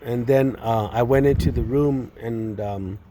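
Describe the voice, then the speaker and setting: A man at an ordinary middle pitch tells his story in a halting, distressed way, stumbling over and repeating his words. A faint background hiss sits under his voice. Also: mellow. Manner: earnest and distressed. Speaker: person giving testimony. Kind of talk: personal testimony, spoken retelling.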